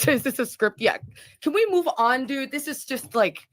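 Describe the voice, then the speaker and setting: A woman's voice: high-pitched, lively intonation, moderate pace. A woman arguing on a stream clip, defensive and exasperated. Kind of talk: heated stream argument.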